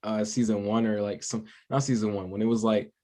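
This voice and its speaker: A young man chatting as a podcast guest musician, laid-back and slangy, telling drawn-out stories. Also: lowish voice, steady tone, mellow. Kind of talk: casual podcast chat.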